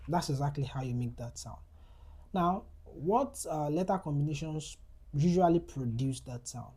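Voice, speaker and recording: A woman teaching French pronunciation, talking slowly and deliberately and saying each example word twice. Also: low-pitched, expressive, mellow, husky. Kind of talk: instructional lesson.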